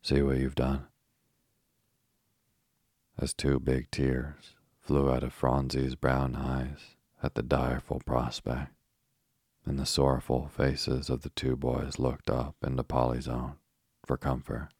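A man narrating a storybook in a steady, measured reading. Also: rumbling low, gravelly, breathy edge, no echo, studio quality. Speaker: audiobook narrator.

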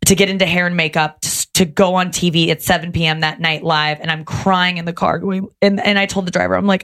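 A woman in her thirties, a podcast guest, telling stories in animated casual chat and swearing often. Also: on the low side, fast, creaky, few pauses. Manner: animated storytelling with frequent swearing.

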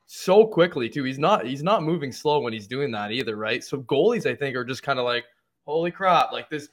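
A man co-hosting a hockey podcast, talking fast and loose with lots of fillers and excited reactions. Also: mid-range voice. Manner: chatty, lots of likes and rights, excitable. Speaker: sports podcast co-host. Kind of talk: casual sports chat.

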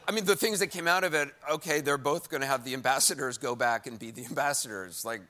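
A man's voice: medium pitch, fast talker, sharp tone. A man, a news anchor, chatting as a talk show guest, laughing often and restarting his sentences. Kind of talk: casual interview chat.

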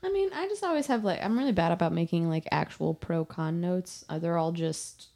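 Low gravelly-voiced woman chatting casually. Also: animated, brisk, dark tone. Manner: wry, quotes characters in put-on asides. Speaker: podcast co-host. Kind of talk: casual book discussion chat.

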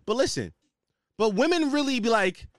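His voice is very high and expressive, moving at a moderate pace. He's a podcast host delivering a casual, slangy solo rant, captured in studio quality with no echo.

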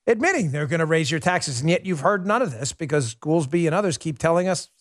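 Sarcastic male political host, middle-aged, lively swooping delivery, slightly high voice, dry studio sound. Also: no room sound. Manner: animated, sarcastic, rapid asides. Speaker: political talk show host. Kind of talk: casual political commentary monologue.

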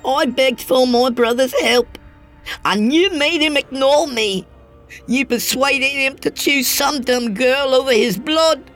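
A man voicing a vengeful young boy ghost who screeches in a high-pitched voice. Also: slow pace, a bit bright, faint music behind, exaggerated voice.

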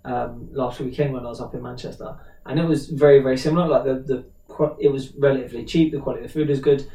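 A British man co-hosting a podcast, chatting casually and telling stories with lively impressions of people. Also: medium pitch, quick pace. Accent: British English. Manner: animated storyteller, mimics people. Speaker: podcast co-host. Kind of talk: casual chat. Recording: roomy, distant from the mic.

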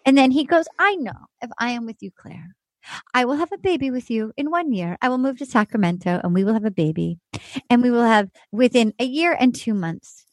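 Lively high-voiced woman hosting a podcast. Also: brisk, dry recording. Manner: animated, emphatic storytelling with acted quotes. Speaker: podcast host. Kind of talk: casual chat recapping a dating show.

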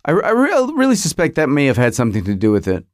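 A middle-aged man from the United States talks alone into the mic as a podcast host, in an even middle register. He wanders through his memories and stops himself to correct what he just said. The recording is close and dry, with no room sound. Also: mid-range voice, fast talker, no room sound. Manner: nostalgic, self-interrupting, searches memory aloud. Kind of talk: rambling monologue.

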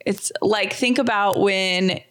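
A woman's voice: mid-range voice, steady tone, slow, fairly bright tone, clear, resonant tone. A woman co-hosting a podcast, teasing her partner in casual chat. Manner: teasing and laughing. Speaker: podcast co-host.

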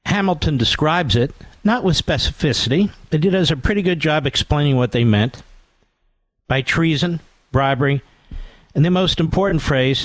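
A man's voice: fairly high pitch, no room sound. A man hosting a talk radio show, delivering a combative, sarcastic monologue and mocking others in put-on voices.

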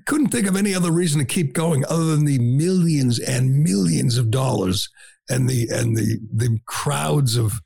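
A man's voice: mid-range voice, creaky, a little mellow, husky, no echo. A man hosting a talk radio show, delivering blunt, sarcastic, combative commentary.

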